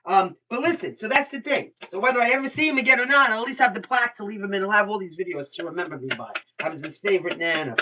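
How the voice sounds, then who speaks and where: An older woman talks her way through a live tarot reading, blunt, chatty and quick to swear. Her voice is bright and forceful. She sits some way back from the computer mic. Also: mid-range voice, expressive, slight background noise. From Brooklyn, New York. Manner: blunt, chatty, swears freely, thinks aloud. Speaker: tarot reader. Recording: voice somewhat far from the mic.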